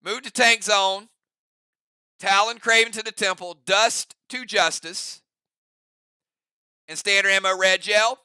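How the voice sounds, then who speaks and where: A man's voice: high voice, fairly even intonation, moderate pace, pushed and bright, smooth, no room sound. A man running an online role-playing game, casually explaining each player's moves and damage, with joking asides. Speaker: game master. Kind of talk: narrating a tabletop game round.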